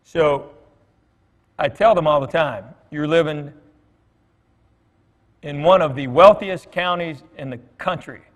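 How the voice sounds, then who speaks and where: Middle-aged guy telling stories at church, kinda high voice, big echoey hall. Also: slow pace, long pauses. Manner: folksy storytelling, quoting others in dialogue. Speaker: guest speaker at church. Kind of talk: conversational sermon with anecdotes. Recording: long hall reverb.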